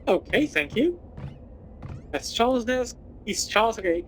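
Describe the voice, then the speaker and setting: A woman's voice: a little high, sing-song, unhurried, a little hiss or hum, low-quality recording. A woman playing a video game, reading its text aloud and adding dry remarks. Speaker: gaming channel host.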